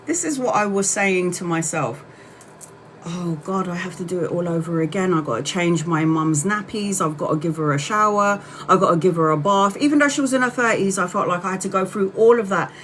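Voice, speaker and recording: A woman's voice: mid-range voice, a bit bright, a little hiss or hum, low-quality recording. A woman tarot reader in a casual livestream who talks in an emotional, emphatic way and repeats phrases for weight.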